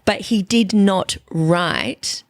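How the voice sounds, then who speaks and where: A woman's voice: fairly low pitch, huge pitch swings, drawn-out words, no room sound, studio quality. A woman co-hosting a podcast in casual chat, with a chatty, laughing manner and some casual swearing. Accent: Australian. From Australia. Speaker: podcast co-host.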